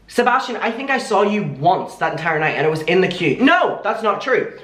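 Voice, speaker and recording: A young man recounting a story in an animated, exasperated vlog, played from a video. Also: sits high, fairly quick. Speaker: YouTuber telling his side of a story. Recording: echoey room.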